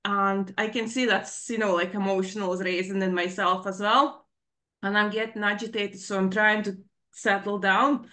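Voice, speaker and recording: A woman in her forties speaking on a video call, telling a personal story in an earnest, emotionally raw way, halting and full of "you know, like" fillers. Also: mid-range voice, fairly even intonation, bright, forceful tone. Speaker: participant asking in a live Q&A.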